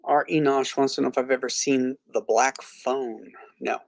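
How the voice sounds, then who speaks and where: A man's voice: mid-range voice, fairly even intonation, normal speed, creaky, no room sound. Rambling man, dry close mic. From Florida. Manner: rambling, many fillers and restarts; blunt and opinionated. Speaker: host of a live movie stream; reads viewer comments aloud. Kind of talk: casual live-stream chat.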